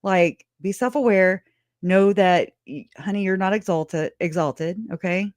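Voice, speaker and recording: Hosting a true crime livestream, a woman talks loosely and with lots of energy, full of sarcasm, frequent laughter and unrestrained swearing. Her mid-range voice moves a little slowly and sounds close and dry, with no room sound at all. It's casual livestream commentary.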